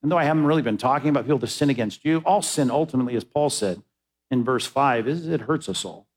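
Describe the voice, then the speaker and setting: A man's voice: mid-range voice, quick pace, husky, rough recording. A male pastor giving a sermon, telling a story and rising into emphatic exhortation.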